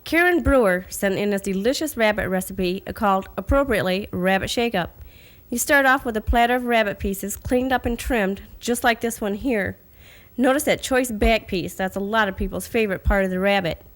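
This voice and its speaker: Lady on a tv cooking bit, calm and friendly, reading out the steps one by one, middle-pitched voice. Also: moderate pace. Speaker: cooking segment host. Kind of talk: scripted recipe narration.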